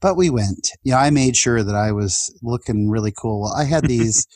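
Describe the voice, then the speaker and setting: A man's voice: medium pitch, normal speed, darkish tone, no room sound. A man in his forties telling personal stories in a casual podcast chat, earnest and emotional, laughing now and then. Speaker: guest.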